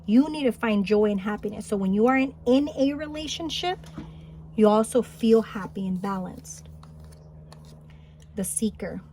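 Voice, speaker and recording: A woman giving a spiritual pick-a-card reading, gentle and encouraging, thinking aloud with small restarts. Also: medium pitch, lively intonation, normal speed, a little hiss or hum. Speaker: tarot card reader. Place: home, Highland Park, California.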